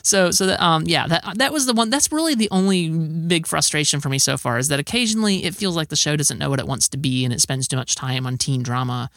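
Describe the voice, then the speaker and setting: A man's voice: on the high side, fast talker, hardly any pauses, fairly bright tone, dry recording, clean studio sound. A man co-hosting a casual show review chat, hesitant, repeating his words and laughing often.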